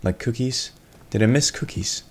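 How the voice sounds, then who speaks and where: A man's voice: medium pitch, normal speed, darkish tone, a little hiss or hum. A young man giving jokey gameplay commentary as a let's play host, bursting into yelps and swearing and teasing the game monsters. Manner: talks to game monsters in mock voices.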